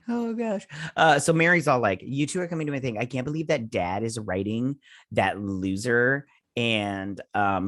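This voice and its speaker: A young man with a lowish voice talks through a TV episode in a loose, offhand recap. His tone is sarcastic and mocking, breaking into laughs between retold scenes. The sound is close and dry, with no room around it. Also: dry recording. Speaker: show host reviewing a TV episode. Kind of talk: casual recap and review.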